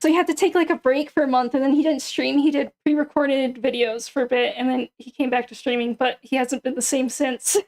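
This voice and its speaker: A woman's voice: sits high, little pitch movement, brisk, hardly any pauses, darkish tone. A young woman streamer casually telling a gossip story, swearing and laughing as she goes. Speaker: streamer host. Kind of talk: casual chat.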